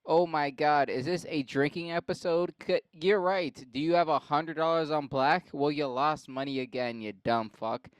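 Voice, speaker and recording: A man's voice: fairly high pitch, normal speed, hardly any pauses, clean tone, dry recording. A man hosting a podcast, ranting crudely and sarcastically with lots of profanity. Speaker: podcast host. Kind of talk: crude comedic rant.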